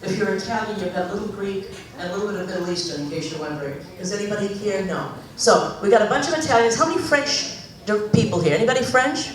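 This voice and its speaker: A Boston-accented cabaret singer from Boston chats and jokes with a live audience between songs in a senior center hall. She talks fast in a mid-range voice. The hall is echoey, the mic sits at a distance, the piano is loud, and there's a little hiss or hum.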